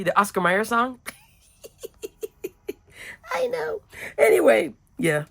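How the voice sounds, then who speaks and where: A woman with a raspy, slightly sick voice, casually showing her handmade cards with goofy giggles. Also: fairly high pitch, huge pitch swings, slow pace. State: a little sick, hoarse. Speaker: card-making crafter. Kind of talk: casual craft tutorial chat.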